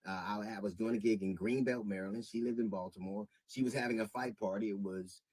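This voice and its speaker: Middle-aged man, husky voice, dry close sound; measured with halting restarts, rising to indignation. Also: on the low side, steady tone, darkish tone, no room sound, poor audio. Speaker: comedian. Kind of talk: public statement.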